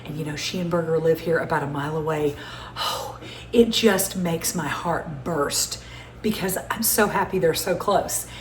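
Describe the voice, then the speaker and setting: A woman's voice: deep voice, normal speed, slight background noise. A woman in her sixties from the Southern United States, with a Southern American accent, hosting a cooking show from her home kitchen in a chatty, gushing way and laughing often. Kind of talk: casual home cooking chat. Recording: echoey kitchen with faint ambience.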